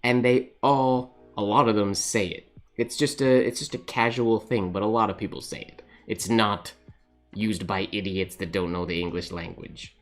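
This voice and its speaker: A man talks casually while he writes on a live stream, thinking aloud, laughing often and answering viewers as they comment. His voice sits a little low. Soft music plays faintly behind him. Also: fairly even intonation, normal speed. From Canada. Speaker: calligraphy livestream host.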